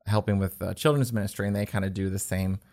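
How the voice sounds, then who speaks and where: A man telling his personal faith story in an earnest, halting way, with many restarts. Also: lowish voice, steady tone, a little mellow. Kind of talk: personal testimony in conversation. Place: indoors at a table.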